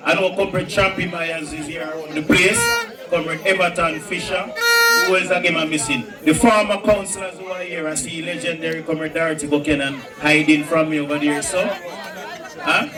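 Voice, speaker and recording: A Jamaican man emcees an outdoor political rally in a high, rousing voice. He shouts greetings into a PA system, and the sound comes from a distance, echoing, with music playing under him. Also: fairly even intonation, moderate pace, crowd noise. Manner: rousing, shouted call-outs.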